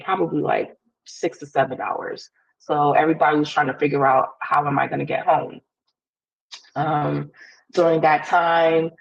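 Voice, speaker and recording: Husky young woman telling a candid story. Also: low voice, poor audio. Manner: candid, quick, acts out quoted dialogue. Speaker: podcast guest. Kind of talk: personal storytelling in an interview.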